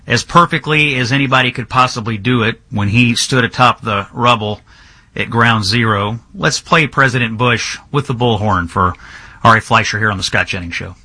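A man with a bright, husky voice hosts a talk radio interview. He speaks in a dry, close studio sound and sometimes trips over his words as he asks. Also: medium pitch, no echo. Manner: halting, searching for words. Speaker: radio talk show host.

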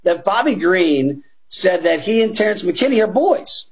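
A high-pitched, husky man talks through his fight picks with punchy enthusiasm. He keeps turning to his panel and leans hard on his favorite points. His delivery has the drive of a seasoned betting analyst on a sports show. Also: a little slow. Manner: energetic, emphatic, keeps addressing the panel as guys. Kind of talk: animated betting talk show chat.

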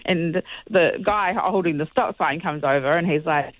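A woman calls in to a radio show and tells her story in an animated way, often checking in with "okay?". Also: low voice, moderate pace, no room sound. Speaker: caller. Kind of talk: telling a story on breakfast radio. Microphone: phone. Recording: tinny dry phone line.

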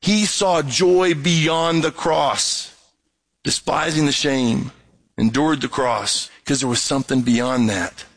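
A man's voice: fairly high pitch, rough recording. A male pastor preaching a sermon, reading scripture and acting out little voices and sounds to make his point. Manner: animated, acts out voices and alarm sounds.

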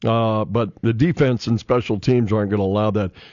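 A man hosting a sports radio show, talking football in a halting way with many restarts and fillers. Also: fairly low pitch, steady tone, darkish tone, no room sound, muffled recording. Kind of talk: casual sports talk.

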